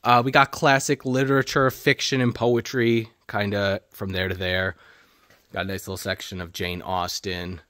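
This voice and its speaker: Low-voiced man touring his bookstore. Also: little pitch movement, a bit bright, dry recording, clean studio sound. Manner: rapid listing, hums filler tunes. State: out of breath. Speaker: bookstore owner. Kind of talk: walking store tour.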